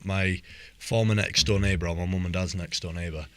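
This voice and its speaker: Young manc guy on a podcast, really low voice, dry close sound, laughs a lot. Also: steady tone, fairly quick, fairly bright tone, no echo. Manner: laughs easily, repeats and restarts words. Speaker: podcast co-host. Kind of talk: casual banter.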